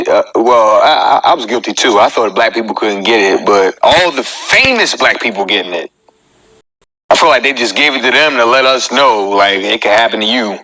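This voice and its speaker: Bright-voiced joking male comedian. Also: mid-range voice, rough recording. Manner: joking and chatty, talks straight to viewers. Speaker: comedian hosting his own live show. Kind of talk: casual live-stream comedy monologue.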